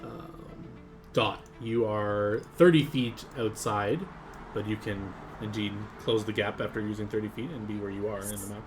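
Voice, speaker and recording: A man narrating as game master of a tabletop game stream, relaxed, laughing often, with plenty of fillers. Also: fairly low pitch, moderate pace, faint music behind.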